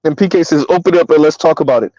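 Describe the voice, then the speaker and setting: A fairly high-voiced man in a casual livestream commentary, firing off rhetorical questions and reading viewer chat as he goes. His pitch jumps up when he wants to sound incredulous. The audio is dry and a little dull and lo-fi. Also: rapid-fire, mellow, no echo. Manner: rhetorical, keeps asking "Right?", swings pitch up when incredulous.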